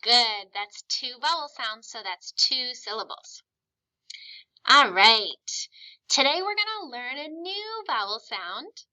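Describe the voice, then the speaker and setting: A woman teaching phonics with a very bright, clear tone that sits a little high. She is patient and encouraging, and she stretches out each vowel sound slowly so the children can copy it. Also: rough recording. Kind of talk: classroom phonics lesson.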